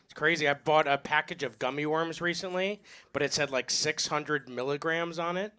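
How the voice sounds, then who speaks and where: A man's voice: a little high, moderate pace, bright, forceful tone, smooth. A man hosting a comedy show and doing stand-up, chatting casually and asking the crowd questions. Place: small live venue with audience.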